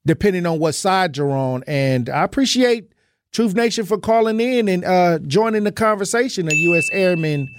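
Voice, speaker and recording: Male talk radio host, high-pitched, dry close studio mic, measured. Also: dry recording.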